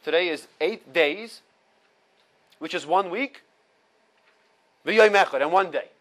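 Taking his time, a Torah teacher with a high, slightly bright voice reads Hebrew sources in an informal halacha class and explains them step by step in English. He drives the key points home through repetition and mixes Hebrew quotes with his English. The audio is poor.

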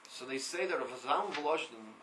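A man giving a Torah class, reading Hebrew lines aloud and translating them, in an animated way that repeats words. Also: medium pitch, fairly quick, background noise. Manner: reads Hebrew text and translates line by line. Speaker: Torah teacher.

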